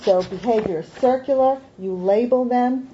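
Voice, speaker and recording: A woman's voice: on the high side, normal speed, dark tone. A woman who gives IQ tests in schools, giving a talk to parents, emphatic and repeating her key points with rhetorical questions. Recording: dull lo-fi recording with faint noise.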